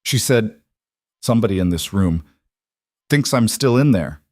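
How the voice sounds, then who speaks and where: A badly hurt man, as a narrator puts him on speaks in a ruined, raspy rasp, slow and terse. His orders come short and final, and the sound is close and dry. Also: lowish voice, animated, darkish tone, dry recording. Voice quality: raspy, hoarse. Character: badly injured man, wrecked rasping voice, terse and commanding.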